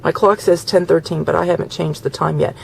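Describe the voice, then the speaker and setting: A woman's voice: low-pitched, steady tone, a little fast, gravelly, slight background noise. A woman venting to camera in a casual vlog from a parked car, retelling conversations in an indignant way. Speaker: vlogger.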